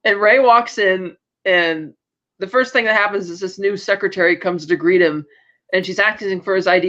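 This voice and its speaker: In a mid-range, slightly bright voice that moves a little fast, a podcast co-host rambles through a casual TV recap. She uses plenty of fillers and quoted bits, and the high frequencies are cut off.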